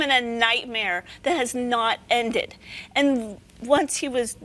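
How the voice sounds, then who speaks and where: Woman, guest, high voice, slightly hoarse, earnest, emphatic testimony. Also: slow pace, a bit bright. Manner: earnest, emphatic, preacher-like cadences. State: hoarse from a damaged voice. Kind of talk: faith testimony interview.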